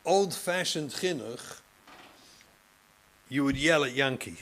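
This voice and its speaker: A man, a rabbi and therapist, giving a passionate lecture to educators, moving from loud emphasis to hushed speech. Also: medium pitch, expressive, measured pace, rough recording. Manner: passionate, acts out classroom scenes, swings between loud and hushed.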